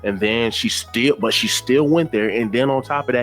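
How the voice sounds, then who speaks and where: A man hosting a reaction commentary channel, talking bluntly and repeating his points in casual slang. His voice sits at a middling pitch, and faint music plays underneath. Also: lively intonation, normal speed, hardly any pauses. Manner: blunt, repetitive, preachy slang-filled talk.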